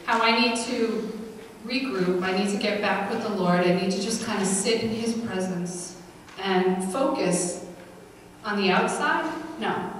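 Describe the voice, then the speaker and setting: A woman's voice: mid-range voice, measured pace, slight background noise. A middle-aged woman delivers a comedic scripture lesson with chatty, self-deprecating stories. She is recorded from far away in a large hall with a long echo. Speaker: speaker at a women's church gathering.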